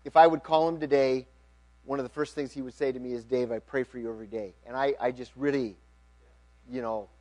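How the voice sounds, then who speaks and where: A middle-aged man preaching, reading scripture with rising emphasis and dropping to quiet asides. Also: fairly high pitch. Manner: earnest, reads aloud with rising emphasis then drops to quiet asides. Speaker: pastor.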